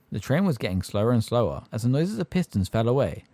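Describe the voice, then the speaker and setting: A man narrating a fantasy audiobook with an expressive delivery. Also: medium pitch, quick pace, no echo. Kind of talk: fan audiobook reading.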